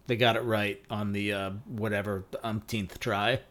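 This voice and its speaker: A man's voice: on the low side, level tone, moderate pace, a bit bright. A man co-hosting a podcast in casual chat, thoughtful and a little hesitant, with literary references. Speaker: podcast co-host.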